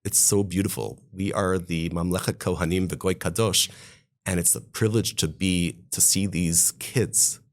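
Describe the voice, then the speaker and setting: Deep-voiced rabbi, impassioned. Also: male voice, steady tone, normal speed. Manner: impassioned, storytelling, voice rising on key points. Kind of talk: podcast interview guest.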